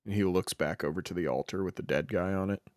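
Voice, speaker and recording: A man's voice: low voice, quick pace, darkish tone, dry recording, clean studio sound. A man narrating a tabletop game as dungeon master, casual and hesitant, with many fillers.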